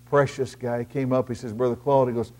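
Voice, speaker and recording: A middle-aged man preaching a sermon as pastor, swinging between loud emphatic lines and hushed storytelling. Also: mid-range voice, flat delivery, a little fast.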